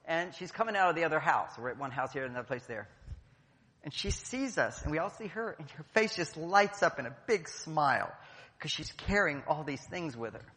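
A man's voice: fairly high pitch, lively intonation, brisk, pushed and bright. A middle-aged man giving a playful, jokey talk to a live audience, acting out quotes as he goes. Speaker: speaker at a conference. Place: large hall. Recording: long hall reverb.

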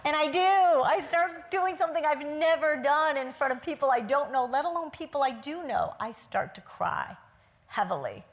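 A woman's voice: high voice, lively intonation, normal speed. Earnest woman telling a personal story. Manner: earnest, reflective storytelling with occasional laughs. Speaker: speaker giving a talk to a live audience. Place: stage before a seated audience.

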